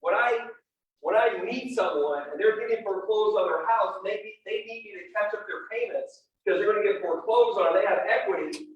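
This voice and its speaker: A man's voice: high-pitched, brisk, dull audio. A middle-aged man at a real estate event, telling a personal story and speaking straight to a live audience. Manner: animated and personal, addresses the crowd directly. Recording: very echoey room, distant mic, faint noise.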